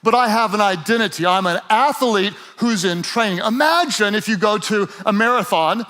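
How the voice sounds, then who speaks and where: A man with a high, light voice preaches a lively sermon to a live audience. He acts out little voices in playful asides, then climbs into loud, emphatic shouting. He sounds like he is speaking in a large hall. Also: moderate pace. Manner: energetic, builds to shouting. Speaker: pastor.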